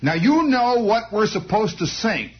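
A man's voice: high-pitched, sing-song, slight background noise, pitched above the performer's own voice. A man doing a prim, bossy schoolteacher lady. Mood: scolding. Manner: sing-song scolding, drawn-out commands. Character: prim fussy female schoolteacher, middle-aged, bossy. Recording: dull lo-fi recording.

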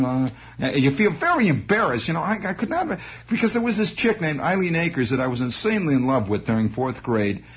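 Rambling comic storyteller, man. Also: mid-range voice. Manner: rambling, digressive, wry asides. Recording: dull lo-fi recording.

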